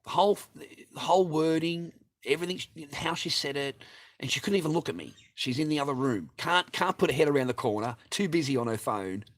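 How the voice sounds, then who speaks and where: This vlogger, a middle-aged man, talks a little fast in a voice on the high side. Aggrieved and sweary, he delivers a long personal rant to the camera, repeating himself and repeatedly turning to his audience.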